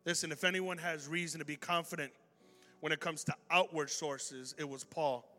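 A male pastor telling a story in a sermon, lively and animated, acting out the voices of the people in it. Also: on the high side, normal speed. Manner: animated, acts out dialogue in the story. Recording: long hall reverb with faint music.

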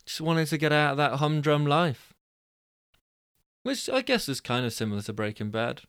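A man's voice: a little high, lively intonation, moderate pace, a bit bright, clean tone, no echo, clean studio sound. A man who hosts a storytelling show, reading stories aloud and chatting with rambling, self-deprecating asides. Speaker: storyteller and host.

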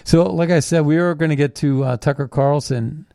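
A man's voice: a little high, moderate pace, gravelly, warm tone, no room sound, studio quality. Blunt, scornful man hosting political commentary. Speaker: host.

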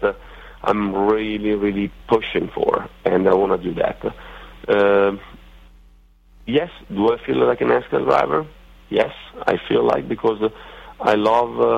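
A middle-aged man with an Italian accent speaks in a gravelly, fairly low voice. He halts and restarts often, filling gaps as he talks through a radio interview. The sound is dull and lo-fi. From Italy. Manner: halting, many fillers and restarts. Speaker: racing driver guest.

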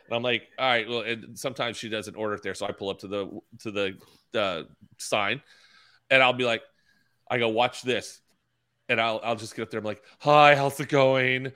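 A male podcast co-host with a bright, forward voice. He tells stories with gusto and acts out the characters in them. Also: fairly low pitch, brisk. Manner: animated storyteller, acts out scenes. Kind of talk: casual chat.

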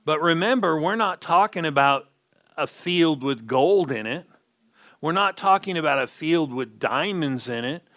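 A male pastor preaching with a bright, forceful voice. He speaks slowly and deliberately, drawing out the words he wants to land and asking his listeners if they are following. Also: on the high side, animated. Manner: emphatic preaching, slows down to stress key words, asks the congregation questions. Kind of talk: sermon.

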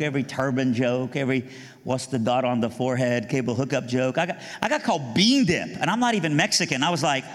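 A middle-aged man from Iran gives a spoken testimony full of jokes, often leaping high to play other people's lines. His voice sits at a middle pitch and carries a long reverb from a large hall. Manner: animated, jokey, mimics voices, rises high for punchlines. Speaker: speaker giving a testimony. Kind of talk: storytelling testimony with humor.

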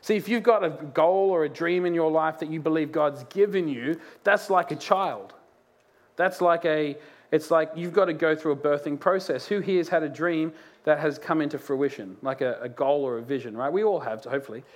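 A man preaching a sermon in a church, a lively storyteller who laughs through his anecdotes. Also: on the high side, normal speed. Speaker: pastor. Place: church auditorium.

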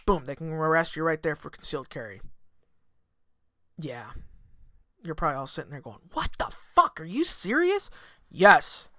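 A man's voice: high voice, sharp tone, no room sound, studio quality. A man hosting a solo podcast, talking in a rambling, emphatic way and swearing a lot. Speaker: podcast host. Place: home in Michigan. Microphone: desk podcast mic.

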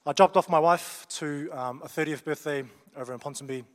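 A young man with a New Zealand accent is preaching to his congregation, mixing jokes into the sermon in a relaxed, conversational way. His voice sits a bit high for a man. The long reverb of a large hall trails after every line. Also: fairly quick. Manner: joking, conversational and down-to-earth.

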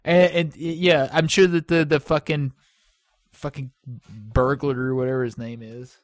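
A man's voice: on the high side, steady tone, a little slow, no echo, soft background music. Rambling, joking male podcast co-host. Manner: rambling, profane, laughing, jokey. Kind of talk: casual chat.

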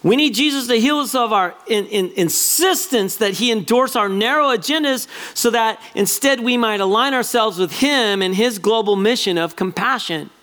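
A man preaching a sermon as pastor, animated and acting out little quoted voices as he talks. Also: high voice, normal speed, few pauses.

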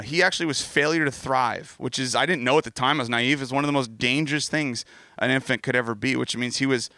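Middle-aged male pastor, bright voice, dry close sound, candid storytelling sermon. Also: mid-range voice, no echo. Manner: earnest, candid, storytelling with self-deprecating asides.

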